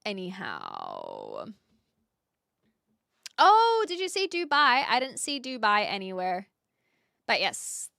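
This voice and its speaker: A woman's voice: medium pitch, wildly swooping pitch, slow pace, gravelly, pauses often, bright, forceful tone, dry recording, studio quality. A young woman streaming live, chatting casually with her viewers in a scattered way, full of fillers and restarts. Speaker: livestream host. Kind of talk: casual livestream chat with viewers.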